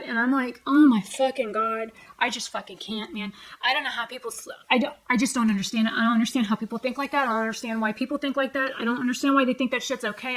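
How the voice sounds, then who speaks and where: A woman's voice: on the high side, poor audio. A woman, venting at home in a casual vlog rant. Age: 40s. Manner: angry, profane, heated retelling. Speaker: vlogger. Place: home, at night, seated on a stool.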